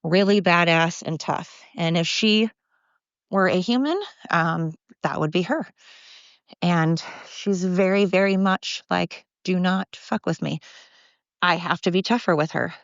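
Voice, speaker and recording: An Oregon podcast host with a lowish voice walks her dogs by a river, rambling bluntly into a handheld phone at a measured pace while out of breath. She swears freely and drifts from topic to topic in a dry recording with the highs cut off.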